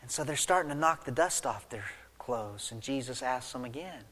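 A man's voice: medium pitch, expressive, fairly quick, big-room sound. A man preaching an expository sermon, retelling the story vividly and putting rhetorical questions to his listeners. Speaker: pastor.

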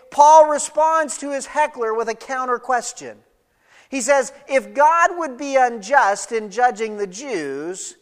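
A man's voice: very high voice, a bit bright. Man preaching in an echoing hall. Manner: emphatic, reads scripture aloud. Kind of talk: expository sermon. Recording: long reverb of a large hall.

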